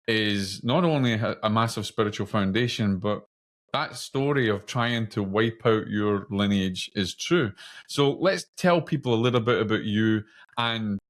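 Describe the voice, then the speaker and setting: Low-voiced Scottish man hosting a podcast. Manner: dramatic rhetorical build-ups, repeated "imagine". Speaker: podcast host. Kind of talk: casual interview podcast.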